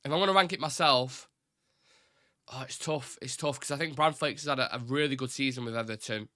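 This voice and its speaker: A man's voice: mid-range voice, fairly quick, sharp tone, no echo, clean studio sound. A man hosting a football fan live stream, talking casually and at length, rambling with strong opinions and the odd swear word. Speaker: host of a football fan show.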